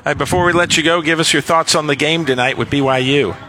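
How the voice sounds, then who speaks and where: A man's voice: on the high side, fast, bright, forceful tone. A man hosting a live radio pregame show, upbeat and announcer-like.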